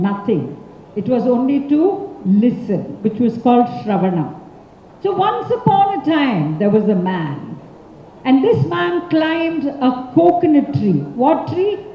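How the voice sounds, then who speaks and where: A woman storyteller with an Indian English accent. Her high voice swings widely as she leads an audience through a tale at an unhurried pace. It sounds distant and echoey in a large conference hall, with dull sound. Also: slight background noise. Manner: animated and expressive, prompts the audience for answers. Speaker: professional storyteller, speaker. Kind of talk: interactive oral storytelling talk.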